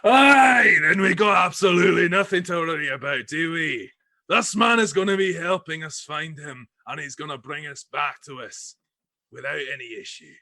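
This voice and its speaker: A burly, jovial gang leader booms out hearty lines in a tabletop role-play, as a man voices him. His voice is bright and dry, close to the mic, full of swagger. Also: unhurried, no room sound, full character voice. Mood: roaring. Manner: roaring, hearty, says aye.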